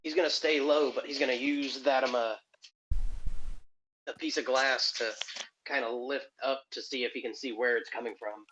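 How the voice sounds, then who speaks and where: A man plays in a tabletop game and describes what his character does, pausing and restarting as he goes. His pitch is middling for a man. Faint clicking sounds are heard behind him. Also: steady tone, bright, forceful tone, dull audio, slight background noise. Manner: hesitant, describes his character in third person. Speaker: player.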